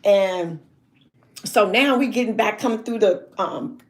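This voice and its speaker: A middle-aged woman from Southern California, telling a story with vivid drama. Her voice sits at an ordinary middle pitch. She is a guest in an interview and keeps her delivery lively. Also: unhurried. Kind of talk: animated storytelling.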